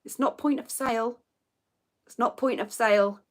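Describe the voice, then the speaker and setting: On her livestream, a woman hosts a relaxed live quiz chat, laughing a lot as she reads viewers' comments in a chatty, giggly manner. Her voice is a little high, with fairly even intonation and an ordinary pace.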